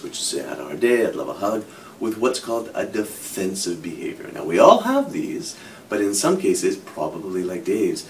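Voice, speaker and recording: Lively low-voiced man explaining at a distance. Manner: animated explaining with hypothetical examples, frequent "kind of". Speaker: psychologist. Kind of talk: explanatory talk to camera. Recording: from a distance, faint low rumble.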